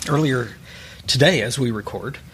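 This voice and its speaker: A man's voice: mid-range voice, normal speed, a bit bright, a little hiss or hum. A man co-hosting a podcast in casual chat, telling wry, self-deprecating stories. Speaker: podcast co-host.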